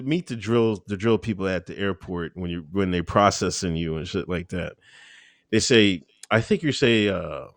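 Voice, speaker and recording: A man being interviewed, talking casually about his time in the Air Force, laughing often and acting out quotes with sudden high-pitched voices. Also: dry recording. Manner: laid-back, laughs often, acts out quotes with big pitch jumps. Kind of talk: casual conversational storytelling.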